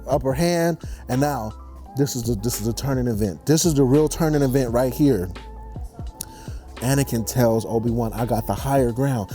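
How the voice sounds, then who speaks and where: A young man telling a movie story as a comedic rant, slangy and animated, slipping into quick character voices. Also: medium pitch. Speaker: comedy vlogger.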